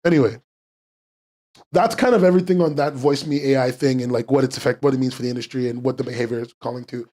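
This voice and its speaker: A man hosting a casual live-streamed podcast, rambling and swearing freely, and quickly getting worked up as he reacts to chat. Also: mid-range voice, dark tone.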